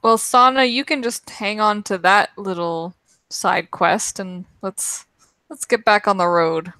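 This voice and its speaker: Slow, bright-voiced woman player. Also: mid-range voice, dry recording. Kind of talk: in-character tabletop play.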